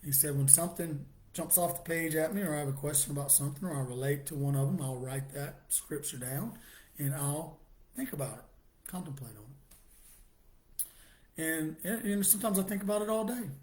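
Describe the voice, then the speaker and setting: Pitched on the high side, a middle-aged man haltingly recounts a personal testimony. He frequently starts his sentences over and lets out an occasional soft laugh.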